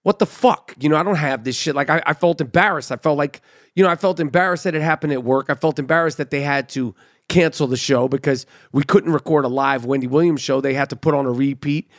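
A man's voice: a little high, quick pace, no room sound. Male podcast host, casual and profane, acts out every quote, dry close sound. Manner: profane, animated retelling with quoted dialogue. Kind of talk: casual storytelling monologue.

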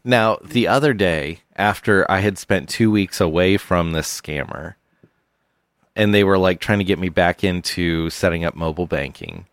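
Deadpan podcast co-host, man, very deep voice, dry booth sound. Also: dry recording. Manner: deadpan storytelling, low-key and unhurried. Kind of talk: casual comedic chat.

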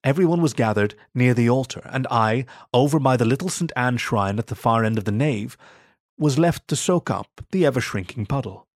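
A man's voice: mid-range voice, expressive, normal speed, no echo. Male storyteller, dry close voice. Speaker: narrator. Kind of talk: first-person story narration.

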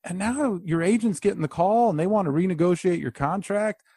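A man's voice: high-pitched, fairly quick, mellow, breathy edge, no room sound, studio quality. A male host interviewing a guest, enthusiastically recapping his career in a casual talk. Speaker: podcast host.

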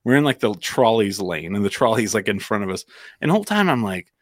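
A man's voice: lowish voice, big pitch swings, fast talker, dry recording, studio quality. A man from New Mexico telling a long story in casual chat, rambling with fillers and acting out quotes.

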